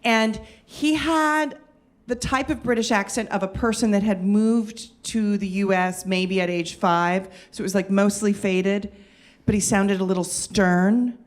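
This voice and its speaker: A woman telling a funny personal story in an animated, self-mocking way. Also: mid-range voice, unhurried. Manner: animated, self-mocking, lots of fillers and restarts.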